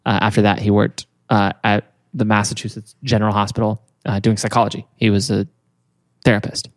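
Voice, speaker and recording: Young male podcast co-host, gravelly voice, rambling casual storyteller. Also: lowish voice, level tone, fairly quick. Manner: rambling, many fillers, giggles often.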